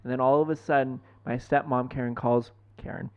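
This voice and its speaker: A young man co-hosting a podcast, telling stories in a profane, animated way. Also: mid-range voice, a little fast, clear, resonant tone. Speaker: podcast co-host. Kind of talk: casual chat. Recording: dull lo-fi podcast mic.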